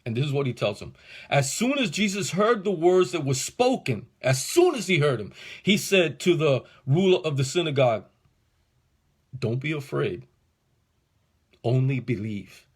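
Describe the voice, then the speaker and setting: A man's voice: a little high, moderate pace, breathy edge. A male pastor teaching a Bible passage verse by verse, speaking in a casual, slangy way that rises into fervent preaching. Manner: casual, slangy, animated, building to fervor.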